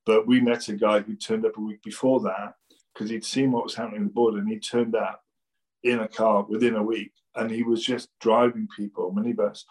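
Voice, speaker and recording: A man's voice: fairly low pitch, flat delivery, fairly quick, darkish tone, low-quality recording. A man, a financial planner, speaking plainly in casual conversation and repeating words as he starts over.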